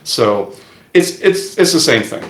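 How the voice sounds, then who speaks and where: A man's voice: on the high side, animated, unhurried, a little hiss or hum. A man being interviewed as an event organizer who often restarts his sentences and laughs easily, in casual chat over a video call. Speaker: demoparty organizer, interview guest. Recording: echoey room.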